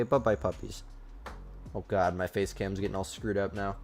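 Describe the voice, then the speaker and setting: A man's voice: low-pitched, steady tone, normal speed, darkish tone, faint music behind. A man streaming a hunting game live, chatting casually and scolding his dog between shots.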